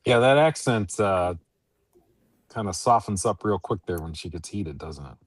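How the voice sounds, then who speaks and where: A man on a round-table panel, giving thoughtful, measured commentary in casual chat. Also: sits low, lively intonation, husky, no echo.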